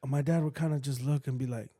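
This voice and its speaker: A man's voice: mid-range voice, fairly even intonation, fast, dark tone. A man co-hosting a podcast, telling rambling stories in casual chat, swearing freely, laughing often and slipping between English and Spanish. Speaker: podcast co-host. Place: podcast studio.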